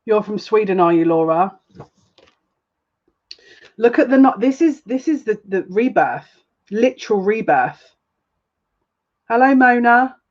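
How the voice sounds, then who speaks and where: A woman giving a live-streamed tarot reading, chatting with viewers, emotional and gushing, with excitable quick restarts. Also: medium pitch, highs cut off. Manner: emotional and gushing, easily moved. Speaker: psychic tarot reader.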